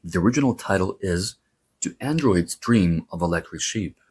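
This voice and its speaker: A man's voice: low-pitched, expressive, normal speed, background noise. A man with a Greek accent hosting a podcast, telling stories in a chatty, digressive way with playful jokes. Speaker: podcast host. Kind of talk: casual podcast storytelling.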